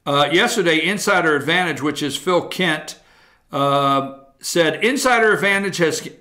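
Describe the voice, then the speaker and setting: Male opinion host: blunt, animated, a bit profane, with a bright and forceful voice. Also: on the high side, unhurried. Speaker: talk show host. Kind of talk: political opinion talk.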